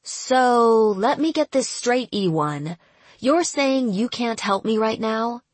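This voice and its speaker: A woman's voice: mid-range voice, sing-song, measured pace, breathy edge, dry recording, pitched above the performer's own voice. A woman voicing an angry, commanding female sergeant in an audiobook. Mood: exasperated. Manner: forceful, commanding.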